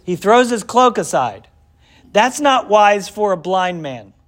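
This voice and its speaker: A man with a high, slow voice leads a relaxed Bible lesson, posing questions to the class and then answering them himself. He tells the story with lively energy, acting out parts of it as asides.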